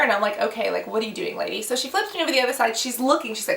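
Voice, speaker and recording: A young woman vlogger telling a personal story in a casual, animated way, acting out the voices of the people in it. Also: on the high side, very fast, vocal fry, few pauses, roomy sound, recorded from a distance.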